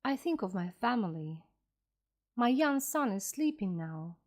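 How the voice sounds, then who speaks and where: A woman voicing an old, bitter male sea captain who is obsessed with a whale, in a slowly read storybook for learners. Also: mid-range voice, big pitch swings. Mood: weary. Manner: weary and brooding, bursting into loud commands.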